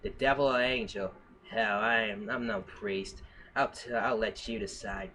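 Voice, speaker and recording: A man reads a noir story aloud in a hammy, theatrical way, breaking off for asides and corrections. His voice is bright and forceful, and faint room noise sits behind it. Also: on the low side, steady tone, unhurried. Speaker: live streamer reading fan fiction aloud. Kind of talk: comic dramatic reading.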